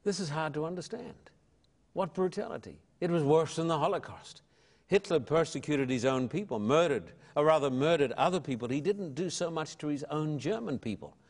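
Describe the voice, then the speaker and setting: Emphatic preacherly man, fairly high voice. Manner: preacherly, emphatic, slows on key words. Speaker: evangelist interviewee. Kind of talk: impassioned interview answers.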